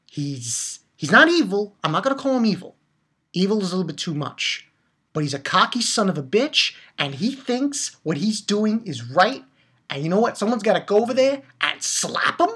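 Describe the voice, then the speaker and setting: A woman's voice: medium pitch, very animated, normal speed, fairly bright tone, breathy edge. A woman giving a heated, profane rant while reviewing a manga chapter, blunt and repeating her points for emphasis. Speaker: anime reviewer.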